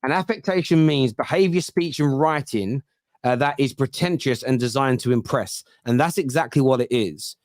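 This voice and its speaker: A man's voice: mid-range voice, normal speed, a little mellow, dry recording, studio quality. A middle-aged man with a Cockney accent, chatting casually on a football podcast and telling stories with plenty of restarts. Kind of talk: casual chat.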